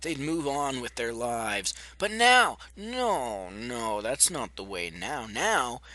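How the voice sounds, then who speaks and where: A man's voice: medium pitch, sing-song, slow pace, bright, forceful tone. A young man delivering a blunt, profane, sarcastic rant to camera as a vlogger, often mocking the people he argues against. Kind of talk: ranting commentary to camera.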